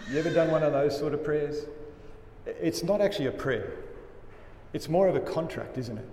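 A man preaching a sermon as a pastor, earnest and emphatic, often dropping his voice low for weight. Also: normal speed, pauses often, warm tone. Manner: earnest, emphatic preaching with dramatic drops in volume. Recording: echoey hall with faint room noise.

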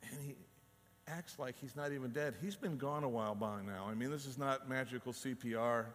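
A man's voice: medium pitch, brisk, fairly bright tone, big-room sound. A man, preaching a conversational sermon and acting out voices as he tells the story. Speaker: pastor.

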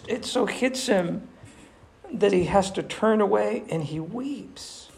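Gravelly-voiced animated male preacher. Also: high-pitched, slow pace. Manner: animated, emphatic storytelling. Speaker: pastor. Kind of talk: sermon, reading and retelling scripture.

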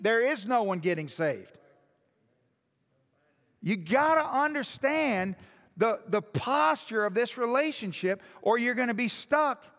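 A man's voice: extremely high pitch, a bit bright. A male pastor preaching a sermon in a church hall, emphatic and full of rhetorical questions, with long hall reverb.

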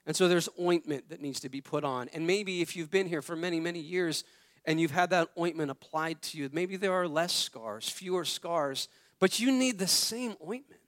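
This pastor, a man in his thirties, has a voice on the high side that sounds a bit bright at a moderate pace. His sermon is conversational, built on family stories, and he repeats phrases for emphasis.

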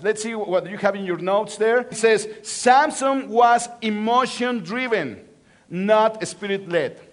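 A man's voice: high-pitched, a bit bright. A middle-aged man with a Mexican accent, a Spanish native speaker, preaching a sermon to a church and joking with the congregation. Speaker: guest preacher.

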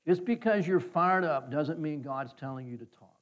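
This pastor's voice sits on the high side with lively intonation at normal speed, captured on a slightly dull, muffled recording. Preaching a sermon, he tells a personal story folksily and imitates the voices of those he quotes.

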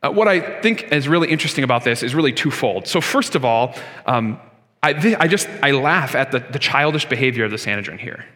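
A man's voice: medium pitch, lively intonation, fairly quick, pushed and bright. A man preaching a sermon in a church, earnest and conversational, often asking the congregation rhetorical questions. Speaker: pastor. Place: church sanctuary. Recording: long hall reverb.

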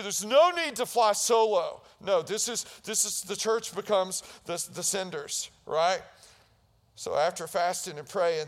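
A man delivers a sermon in a somewhat high voice, retelling scripture as lively stories. He drops low and quiet in places, then builds to loud, fervent preaching. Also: unhurried, in a large hall. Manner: storytelling preacher acting out biblical scenes with rising intensity. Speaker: pastor.

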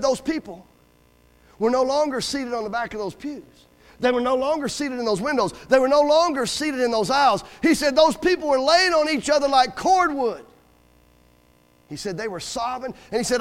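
High-voiced folksy preacher, loud then hushed. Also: male voice, long reverb tail, poor audio. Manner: folksy storytelling preacher, swings between loud exhortation and hushed lines; calls out "amen" and "hey" to the congregation. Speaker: guest preacher. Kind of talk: sermon. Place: church service.

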